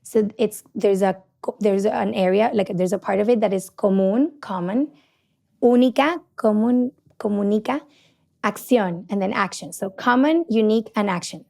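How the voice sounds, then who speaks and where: A middle-aged woman, a couples therapist hosting a podcast, talking passionately and loudly with many restarts. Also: mid-range voice, a little fast, vocal fry. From Puerto Rico. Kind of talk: casual podcast teaching.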